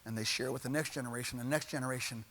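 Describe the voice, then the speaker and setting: A man's voice: medium pitch, steady tone, very fast, a bit bright. A man preaching a sermon as pastor in a church, building his points with repeated refrains and rising intensity.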